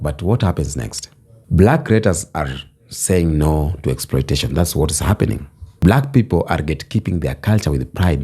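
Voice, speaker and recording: A man speaks straight to camera in an impassioned vlog, his voice low and dark. There's a husky grain to it as he hammers his points home with repetition, rising like a preacher. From Kenya. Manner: emphatic, preaching cadence with repeated phrases. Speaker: vlogger. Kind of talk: passionate social commentary monologue.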